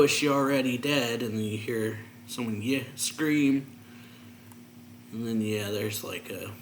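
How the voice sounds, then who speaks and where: A man's voice: mid-range voice, fairly bright tone. Man recapping a story, roomy sound. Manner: loose, filler-heavy retelling. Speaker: manga reviewer. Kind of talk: casual chapter recap. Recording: roomy echo, faint ambient noise.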